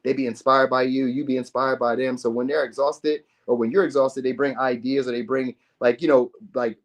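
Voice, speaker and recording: Guy doing a chill tarot reading, talks fast, mid pitch, slangy and cussing, super casual. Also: little pitch movement. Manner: loose and chatty, slangy, swears, acts out quoted lines. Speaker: tarot reader.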